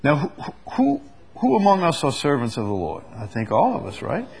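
A man leading a conversational Bible study, reading verses slowly and with weight, then explaining them with easy laughs. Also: a little high, gravelly. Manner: animated, stresses quoted verses slowly, laughs often. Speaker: Bible teacher.

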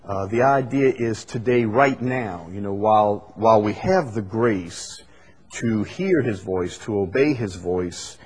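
A man preaching a Bible study sermon. He builds to loud, emphatic repetition and then drops back to quiet explaining. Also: lowish voice, animated, a little slow, slightly rough.

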